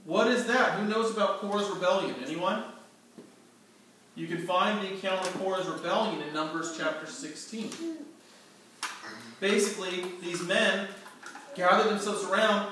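A man's voice: high voice, steady tone, moderate pace, pauses often, sharp tone. A man teaching a storytelling Bible lesson to a group, acting out scenes and quizzing his listeners. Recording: echoey room, distant mic, faint noise.

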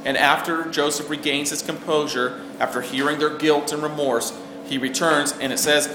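Man preaching a sermon, earnest, asks questions, slightly high voice, echoey room, faint background noise. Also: flat delivery, moderate pace. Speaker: pastor.

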